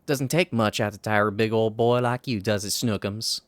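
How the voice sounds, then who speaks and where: A man plays a fussy, doting older woman who owns a cafe in a fan-voiced story game. She coos and sweet-talks her pet, with pitch that rises and falls widely. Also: sing-song, unhurried, a little hiss or hum. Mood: cooing. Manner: cooing, sweet-talking.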